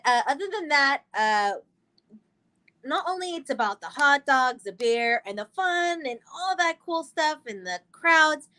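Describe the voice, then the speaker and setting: A woman's voice: high voice, fairly bright tone. A woman co-hosting a casual chat show, talking earnestly and rambling with fillers and restarts. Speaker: co-host.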